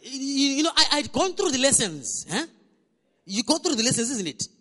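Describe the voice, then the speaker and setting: Male pastor, storytelling sermon, very high bright voice, echoey church hall. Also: normal speed. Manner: storytelling, animated, repeats words when restarting.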